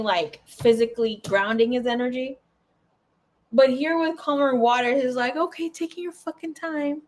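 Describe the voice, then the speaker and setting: A young adult woman giving a casual tarot reading, chatty and emotional, swearing and tearing up as she talks. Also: a little high. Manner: emotional, swears, laughs and tears up. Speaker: tarot reader.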